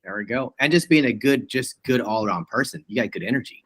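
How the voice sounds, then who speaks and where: A man's voice: mid-range voice, animated, fast, fairly bright tone, no room sound. A man hosting a team video meeting, upbeat and full of praise. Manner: upbeat, effusive praise, says awesome often. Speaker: meeting host.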